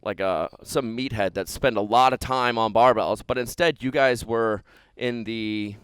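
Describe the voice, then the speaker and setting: A man hosting a podcast, talking in an enthusiastic, animated way at a company headquarters. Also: mid-range voice, clear, resonant tone, no room sound. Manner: enthusiastic, animated, quick restarts. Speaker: podcast host. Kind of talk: excited casual chat.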